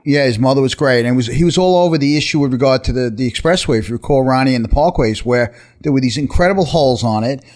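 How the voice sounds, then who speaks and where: A man hosts a talk radio show from the studio. His speech is brisk and upbeat at a middling pitch, and he pushes ahead over the other voices. It sounds like everyday studio talk. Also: darkish tone. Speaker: radio show host, personal injury attorney.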